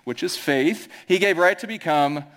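High-voiced Midwestern pastor preaching. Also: male voice, normal speed, a bit bright. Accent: American Midwest. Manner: conversational preaching, acts out quoted voices. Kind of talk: sermon.

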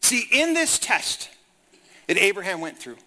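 Bright-voiced man preaching a sermon. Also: high-pitched, sing-song, measured pace. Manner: storytelling preacher, reads scripture then paraphrases it conversationally. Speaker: pastor.

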